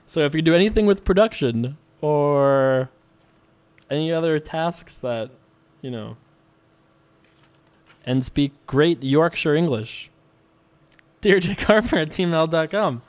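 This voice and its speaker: A man's voice: fairly high pitch, lively intonation, slow, long pauses. A young man hosting a poker channel, chatting casually and rambling as he plays and reads viewer questions aloud. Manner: rambling, chatty, self-correcting. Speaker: online poker vlogger. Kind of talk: casual commentary while playing.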